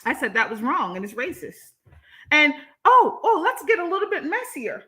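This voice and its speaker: A young woman with a lilt, speaking in a high, bright and ringing voice. She runs a live-stream commentary, reacting to chat messages with sass and plenty of laughter. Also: moderate pace. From Jamaica. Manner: sassy, animated, laughing between points. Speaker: YouTuber reading live chat.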